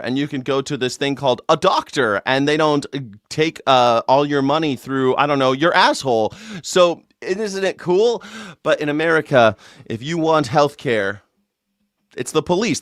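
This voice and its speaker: A man's voice: medium pitch, a bit bright, clear, resonant tone, no echo, studio quality. A man hosting a live call-in show, ranting sarcastically and profanely about politics and mocking people in put-on voices.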